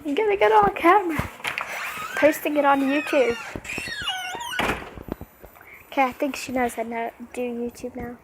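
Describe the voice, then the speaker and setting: Woman vlogger, high voice, outdoors, chatty, on a phone camera, faint background noise. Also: a little fast. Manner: chatty, talks straight to viewers. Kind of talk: casual vlog narration to viewers. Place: outdoors under a stormy sky.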